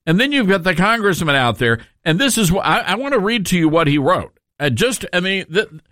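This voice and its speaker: A man's voice: sits high, bright, forceful tone, dry recording, clean studio sound. A male radio host giving a sarcastic, emphatic talk radio monologue, with frequent asides to his listeners.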